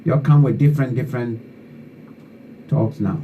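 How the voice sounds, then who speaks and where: A man's voice: medium pitch, normal speed, phone-quality sound. A man from Liberia, hosting an online talk show and delivering fervent, repetitive political commentary that scolds his listeners. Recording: distant mic with faint background noise.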